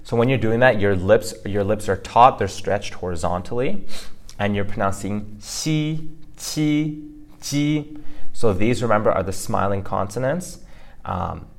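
On a laid-back language-lesson podcast, a male co-host and language teacher talks about pronunciation at a moderate pace, his pitch fairly low with some vocal fry. His explanations are loose, peppered with fillers and restarted phrases.

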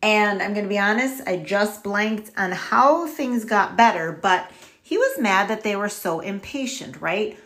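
A woman's voice: medium pitch, unhurried. A woman podcast host retelling a story in a casual, chatty way and talking straight to her listeners. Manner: chatty, animated, addresses listeners directly.

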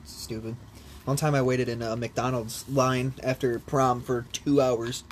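A young man spinning a rambling story in casual talk, swearing freely and breaking into laughs. His voice sits at an ordinary pitch for a man. A faint hiss of noise runs under the recording. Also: a little slow. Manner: animated storyteller, swears a lot, laughs often. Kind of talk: casual chat.

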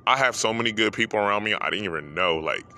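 Deep-voiced guy podcasting, choked up, rambly, sharp bright tone, car noise behind. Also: fast. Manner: heartfelt, rambling, repeats phrases. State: holding back tears. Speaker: podcast host. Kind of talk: emotional personal monologue.

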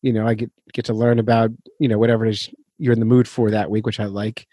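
A man's voice: on the low side, flat delivery, fast, warm tone, dry recording. Rambling, self-deprecating male podcast host. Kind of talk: casual podcast chat.

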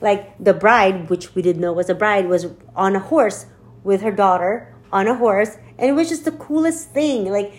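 A woman's voice: mid-range voice, moderate pace. A woman co-hosting a podcast in casual chat, telling an upbeat story that rambles and often restarts. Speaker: podcast co-host.

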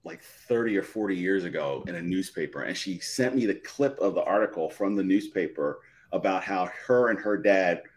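A middle-aged man with a fairly low voice tells a long, heartfelt story. He rambles, doubles back and restarts his phrases as a guest on a live show. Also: moderate pace, few pauses. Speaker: podcast guest.

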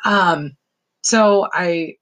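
A woman's voice: fairly low pitch, very slow, a bit bright, low-quality recording. A woman telling a personal story in a casual, rambling way, chuckling often between phrases.

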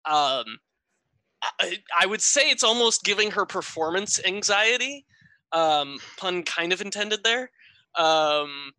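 A man's voice: high-pitched, sharp tone, no echo. A man in casual podcast chat about a tabletop game, thoughtful and hesitant with many fillers.

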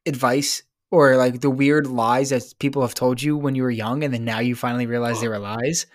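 A man's voice: medium pitch, steady tone, brisk, dry recording, studio quality. A man co-hosting a podcast, bantering casually with lots of swearing. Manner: profane, laughing banter. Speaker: podcast co-host. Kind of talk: casual chat.

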